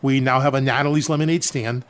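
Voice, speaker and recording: Older male guest, charity organizer; emotional storyteller, mid-pitched, filler-heavy. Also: fairly even intonation, fast. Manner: addresses listeners as folks, frequent uh fillers.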